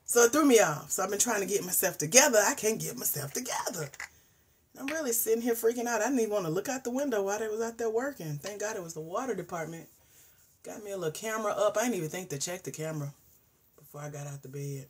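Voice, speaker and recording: A woman in her forties talks casually to a live audience. Her voice is husky and breathy. She is chatty and animated, moving between hushed asides and loud bursts. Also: medium pitch, fast talker. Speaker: host. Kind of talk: casual livestream chat.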